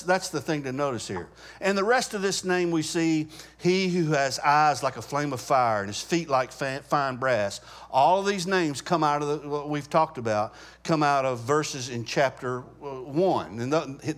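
A man teaching a Bible study class in a conversational way, stopping to ask the group questions and often restarting his sentences. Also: on the high side.

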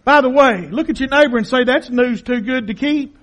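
A man preaching a sermon as pastor, dramatic and impassioned, dropping to a hush and then rising to shouts. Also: very high-pitched, a little fast. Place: church sanctuary.

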